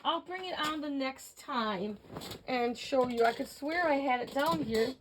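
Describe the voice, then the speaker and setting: A woman's voice: sits high, unhurried, noisy background. An older woman hosting a casual crafting tutorial, chatting to viewers as she works and counting out measurements.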